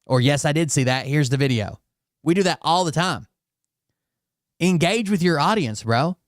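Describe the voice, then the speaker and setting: A man's voice: fairly high pitch, animated, moderate pace, dry recording, studio quality. Sarcastic man mocking a clip. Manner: mocking, sarcastic, profane asides. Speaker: commentary show host. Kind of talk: reaction commentary on clips.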